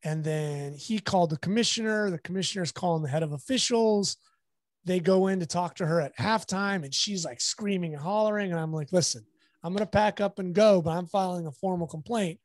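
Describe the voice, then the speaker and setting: A man's voice: high voice, brisk, no echo, studio quality. A sports photographer chatting on a podcast, a man with a Southern Californian accent, telling a story and acting out what others said. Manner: animated, acts out quoted dialogue. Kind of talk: casual storytelling.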